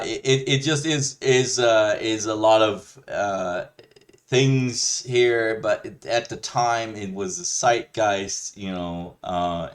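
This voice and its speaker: A man hosting a reaction video, ranting bluntly with lots of swearing and rambling restarts. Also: low-pitched. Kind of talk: ranting commentary.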